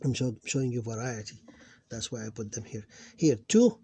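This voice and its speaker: A man's voice: medium pitch, moderate pace, mellow, breathy edge. A man teaching an Arabic phonics lesson, sounding out syllables one at a time with patient explanations. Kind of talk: slow reading lesson.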